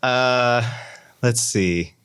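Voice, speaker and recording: Slow, laid-back male player. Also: medium pitch, fairly bright tone, clean tone.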